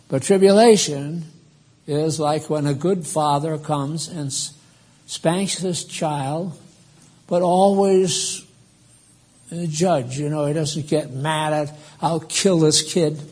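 A man's voice: on the high side, a little mellow, breathy edge. A man, likely older, preaching a sermon to his congregation in a plainspoken, conversational way. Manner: slow, plainspoken, addresses congregation directly. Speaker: pastor. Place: church.

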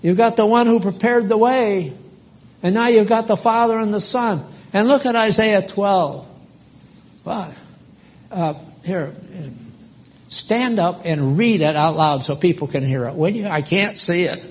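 Older male preacher, high voice, unhurried, emphatic, rambling. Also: slight background noise. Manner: emphatic, rambling, quizzes the congregation. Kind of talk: live sermon.

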